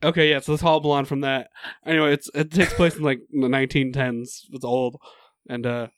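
A man's voice: medium pitch, level tone, fairly quick, no echo, clean studio sound. A man in a casual chat, talking loosely and rambling as he searches for words.

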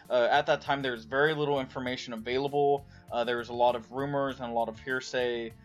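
A man introducing a podcast episode in a plain, explanatory way at an ordinary pitch. He fills his pauses with "uh", and faint guitar music plays behind him. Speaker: podcast co-producer.

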